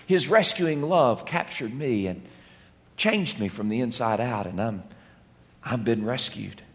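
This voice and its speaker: A man's voice: high-pitched, fairly bright tone. A man preaching a sermon as pastor, in an impassioned, dramatic way. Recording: long reverb of a large hall.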